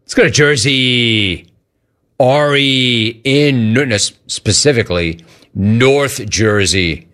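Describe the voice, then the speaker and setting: A man hosting a sports talk radio show, taking calls and joking around in a fast, rapid-fire way. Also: mid-range voice, a bit bright.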